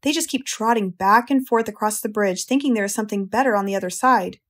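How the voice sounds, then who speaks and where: A woman voicing a wise, calm female spider who talks in a measured, reassuring way. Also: mid-range voice, lightly acted. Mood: musing.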